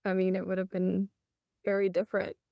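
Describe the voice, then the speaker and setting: A woman's voice: mid-range voice, monotone, brisk, gravelly, no room sound, muffled recording. A woman hosting a conversational interview who affirms what her guest says. Her voice sits mid-range and sounds close and dry. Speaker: host.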